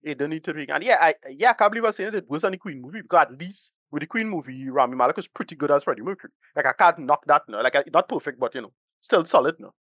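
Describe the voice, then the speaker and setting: Fast-talking blunt man ranting on a podcast. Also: a little high, expressive, fairly bright tone, no echo, muffled recording. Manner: blunt, rambling, swears freely, uses Caribbean-style English. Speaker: co-host and film reviewer. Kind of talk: casual podcast film review.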